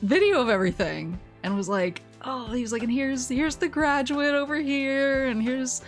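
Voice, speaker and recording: A woman vtuber chatting casually on stream, telling a long rambling story, laughing often and quoting people in lively voices. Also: high-pitched, normal speed, soft background music.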